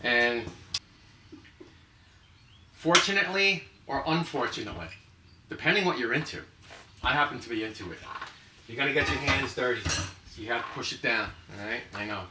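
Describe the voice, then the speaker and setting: A man's voice: mid-range voice, roomy sound, recorded from a distance, background noise. A man hosting a comedic cooking demonstration in his kitchen, full of joking asides. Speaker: cooking show host. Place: home kitchen.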